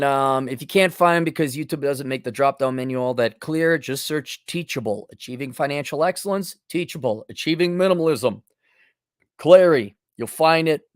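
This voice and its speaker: A man's voice: medium pitch, normal speed, clean tone, dry recording, clean studio sound. A middle-aged man hosting a livestream, reading super chats in a blunt, sarcastic, mocking way. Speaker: host.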